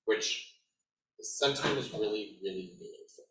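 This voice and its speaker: A man in his thirties giving a conversational presentation as an educator, animated and sprinkled with "like.". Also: on the low side, moderate pace, slight background noise. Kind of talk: conference presentation. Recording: echoey room, mic at a distance.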